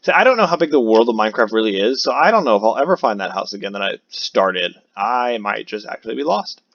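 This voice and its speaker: Man in his own casual voice, lively and rambling, talking over a game; muffled lo-fi audio. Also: lowish voice, fast talker. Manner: rambling, chatty, many fillers. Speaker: new content creator. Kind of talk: casual gameplay commentary. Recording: dull lo-fi recording.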